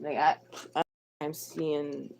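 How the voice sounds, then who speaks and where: Woman streamer with a lowish voice, blunt and irritated, heavy swearing, addresses chat directly. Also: level tone, extremely slow, gravelly, a little mellow, slight background noise. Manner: talks to chat viewers by name. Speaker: livestreamer. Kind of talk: live stream chat rant.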